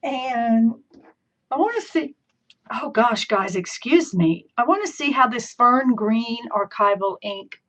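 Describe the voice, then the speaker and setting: A woman's voice: fairly high pitch, expressive, slow, a bit bright. A woman with a Southern accent chatting folksily through a live crafting demonstration. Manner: chatty, folksy, easily laughing. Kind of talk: live-streamed craft tutorial. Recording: dull lo-fi stream audio.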